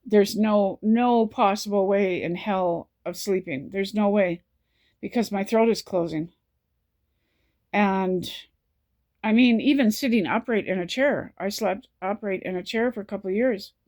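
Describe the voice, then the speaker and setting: A woman's voice: mid-range voice, a little mellow. Exhausted, tearful woman venting. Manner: distressed, repetitive, halting speech. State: exhausted from lack of sleep; close to tears. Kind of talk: personal vlog confession.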